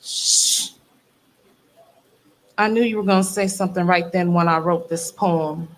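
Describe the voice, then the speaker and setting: A woman in her forties performing spoken word poetry live into a stage microphone, with emphatic, measured phrasing and long dramatic pauses. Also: lowish voice, fairly even intonation. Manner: mock-solemn, comic exaggeration.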